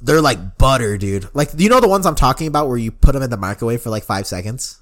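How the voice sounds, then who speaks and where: A man's voice: medium pitch, expressive, fast, fairly bright tone. A young man co-hosting a podcast in casual chat, swearing often and saying "like" and "bro" a lot. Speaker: podcast co-host.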